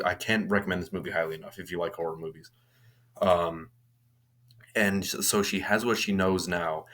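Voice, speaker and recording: Low-voiced man rambling through a movie recap. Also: fairly bright tone. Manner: rambling, with frequent restarts and fillers. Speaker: movie reviewer.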